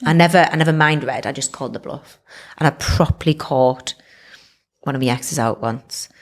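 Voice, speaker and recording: A woman's voice: rumbling low, normal speed. A woman, co-hosting a casual podcast chat and telling stories full of acted-out quotes. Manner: chatty storyteller, lots of fillers and acted-out quotes. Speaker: podcast co-host.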